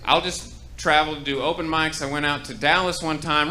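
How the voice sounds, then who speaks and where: Young male comic, deadpan stand-up, bright cutting voice, slightly high, faint club ambience. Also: a little fast, few pauses, a faint crowd, a little hiss or hum. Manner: dry deadpan setups with ironic punchlines. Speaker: stand-up comedian. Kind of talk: stand-up set. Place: comedy club stage.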